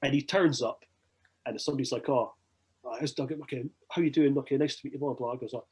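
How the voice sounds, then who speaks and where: A young Scottish man telling a long rambling story as a podcast guest, animated and swearing freely. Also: medium pitch, quick pace, slightly rough. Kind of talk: casual storytelling.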